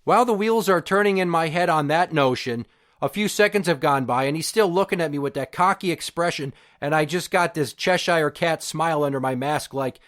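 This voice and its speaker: A man with a voice pitched a little above the usual for a man hosts a podcast rant. His telling is crude and sarcastic, and the exasperation runs through every line. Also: brisk, a bit bright. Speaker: podcast host. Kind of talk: profane storytelling rant.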